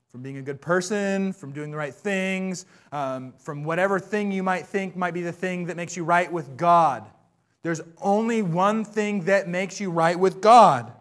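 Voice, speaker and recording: High-voiced preaching man, hoarse. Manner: impassioned, swings between soft and loud. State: voice going hoarse. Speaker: pastor. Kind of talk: sermon.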